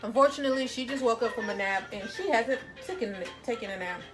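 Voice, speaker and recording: A woman's voice: on the high side, fast. Casual woman, home eating vlog, talking to viewers while she eats, music playing behind her. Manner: chatty, talks to viewers between bites. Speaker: mother and mukbang vlogger. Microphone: phone on a tripod.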